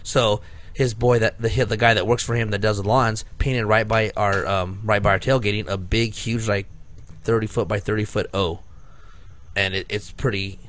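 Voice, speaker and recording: This podcast co-host tells a long, rambling story, packed with "like," false starts and frequent laughter. He speaks at a normal speed in a steady, low-ish voice with a bit of brightness, over slight background noise.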